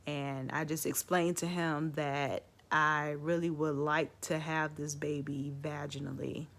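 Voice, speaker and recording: A woman's voice: low-pitched, level tone, a little slow, gravelly. A woman vlogger casually telling her own story to the camera, chatty, with lots of "like" and "um".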